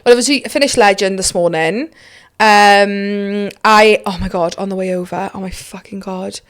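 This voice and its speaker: A woman's voice: mid-range voice, moderate pace, fairly bright tone. A young adult woman hosting a podcast in casual chat, gushing and emphatic, swearing freely. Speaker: podcast host.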